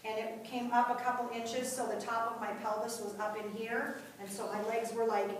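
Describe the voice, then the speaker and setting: Woman, fairly high voice, dramatic testimony storytelling, very echoey room, heard from a distance. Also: little pitch movement, normal speed, a little hiss or hum. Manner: vivid and dramatic, acting out quoted voices. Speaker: guest speaker at a mothers' group.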